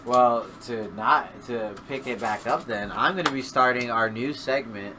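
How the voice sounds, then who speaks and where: A man's voice: mid-range voice, unhurried, noisy background. A man co-hosting a podcast, chatting in an easygoing, agreeable way. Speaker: podcast co-host. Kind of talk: casual wrestling chat.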